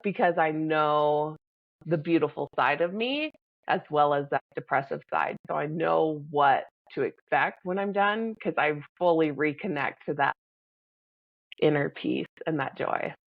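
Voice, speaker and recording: Calm low-voiced woman, dry dull sound. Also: creaky, no echo. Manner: measured and reflective, pausing to breathe. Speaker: podcast co-host. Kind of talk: casual reflective chat.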